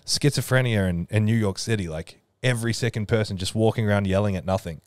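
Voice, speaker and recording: A man with a fairly low voice swaps travel stories on a casual podcast, blunt and wry in his humour. His voice sits dry and close to the mic. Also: fast, a little mellow, dry recording. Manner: storytelling, wry and blunt, mimics voices for laughs. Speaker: podcast co-host. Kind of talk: casual chat.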